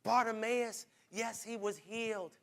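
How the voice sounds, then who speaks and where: A man preaching a sermon, repeating phrases in a rhythm and building from quiet lines to shouts, calling out to the congregation. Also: high-pitched, steady tone, measured pace, creaky. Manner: calls on the congregation directly.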